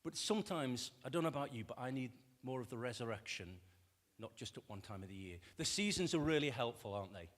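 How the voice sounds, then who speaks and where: Male preacher, mid-pitched, chatty with the congregation, ringing hall echo. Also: fast talker. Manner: conversational, poses rhetorical questions to the congregation; acts out quoted voices with lively shifts. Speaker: pastor. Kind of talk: sermon. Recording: long reverb of a church hall.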